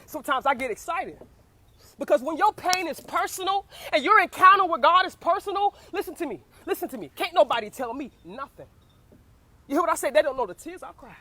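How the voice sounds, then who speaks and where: Young woman, high voice, fervent preaching testimony with call-and-response asides. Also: very animated, fairly quick, a bit bright, no room sound. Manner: fervent, repeats phrases and calls "you hear what I say?" to listeners. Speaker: speaker giving a personal testimony.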